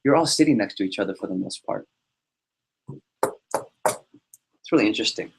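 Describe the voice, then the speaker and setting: A man leading a sales team meeting, giving an energetic motivational talk full of anecdotes and repetition. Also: fairly low pitch, moderate pace, creaky, noisy background. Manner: energetic, repeats himself, tells anecdotes. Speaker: team leader running a sales prep meeting.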